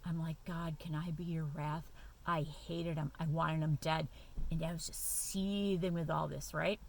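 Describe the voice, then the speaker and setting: Woman vlogger, casual to-camera talk, slightly low voice, emphatic and chatty with frequent fillers. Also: steady tone, measured pace, gravelly, slight background noise. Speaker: YouTube vlogger.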